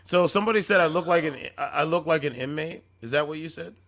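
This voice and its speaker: Male streamer, higher register, combative, repetitive, argumentative. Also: fast, a bit bright. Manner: confrontational, repeats phrases over and over. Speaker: livestreamer. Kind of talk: heated livestream argument.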